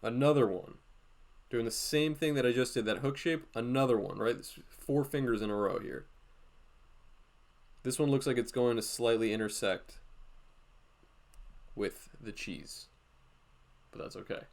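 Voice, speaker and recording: A man giving a casual live drawing lesson, walking through each step out loud with lots of "like" fillers. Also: mid-range voice, unhurried, vocal fry, long pauses. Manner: thinks aloud, step-by-step, frequent "like" fillers. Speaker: drawing instructor streaming a class.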